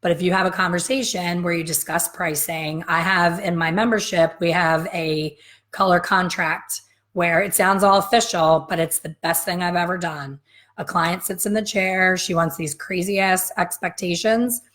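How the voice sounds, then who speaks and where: A woman's voice: fairly low pitch, fairly even intonation, normal speed, a bit bright. Frank, emphatic woman in her fifties. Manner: frank, emphatic, talks straight to viewers. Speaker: hair color educator. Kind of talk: live coffee-chat teaching.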